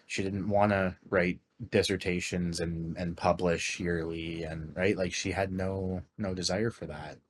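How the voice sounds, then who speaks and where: A man's voice: sits low, level tone, unhurried, few pauses, slight background noise. A Canadian man co-hosting a podcast, chatting casually with lots of fillers and restarts. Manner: rambling, many fillers and restarts. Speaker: podcast co-host. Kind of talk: casual chat.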